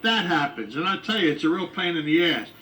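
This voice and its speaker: A man with a high voice rattles through a brash, rambling comic monologue, throwing in groans and side remarks between jokes. His pitch leaps around constantly. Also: very animated, a little fast, sharp tone, distant mic, rough recording. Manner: brash, rambling joke-teller with groans and asides. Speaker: comedian.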